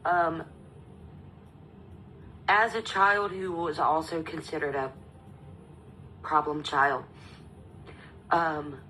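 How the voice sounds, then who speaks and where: A woman in her thirties speaking as a guest on a live stream panel, halting and tearful, with many pauses and fillers. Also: deep voice, fairly even intonation, sharp tone, slight background noise, rough recording. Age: 30s. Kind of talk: emotional live stream sharing.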